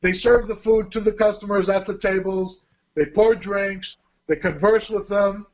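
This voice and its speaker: Higher-voiced Australian man telling stories. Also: unhurried. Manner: lively anecdote teller who acts out quoted dialogue. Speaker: interview guest, former event promoter. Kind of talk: storytelling interview. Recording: dull lo-fi recording.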